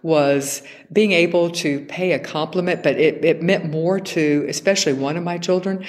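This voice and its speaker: A woman's voice: on the low side, fairly even intonation, moderate pace, a little mellow. Chatty woman hosting a parenting interview. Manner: chatty, laughs at herself, many ums and uhs. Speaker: host.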